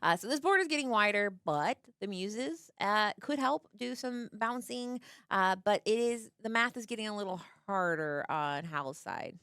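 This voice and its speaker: A woman's voice: medium pitch, expressive, normal speed, hardly any pauses, a bit bright, clear, resonant tone, no echo. A woman gives loose, playful commentary on a card game match, often laughing and acting out what the players might say. Her voice sits in a middle register and sounds dry and close to the mic.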